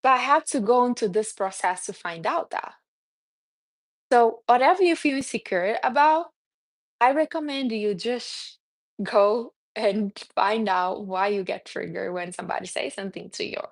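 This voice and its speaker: A woman's voice: medium pitch, normal speed, vocal fry. A woman speaking English as a second language, with a non-native accent, giving a casual motivational talk and calling her listeners honey. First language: not English. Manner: animated, calls listeners honey. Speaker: self-help speaker.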